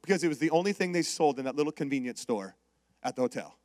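A man preaching a sermon, telling a story with lively call-outs to the congregation. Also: fairly high pitch, fast, dry recording, clean studio sound. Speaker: pastor.

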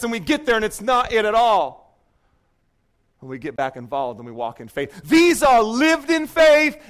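A man preaching a sermon in a church, telling a story with jokes and playful asides to the congregation. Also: high voice. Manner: joking, animated storytelling. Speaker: pastor.

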